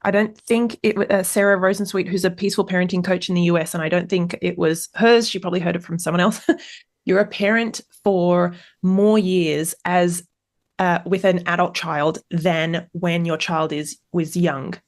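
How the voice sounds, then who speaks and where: A woman hosting a podcast, her voice a touch low. She puts her questions in a loose, conversational way, with fillers and restarts. She sounds easygoing and curious. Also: fairly even intonation, moderate pace. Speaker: podcast host. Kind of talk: podcast interview.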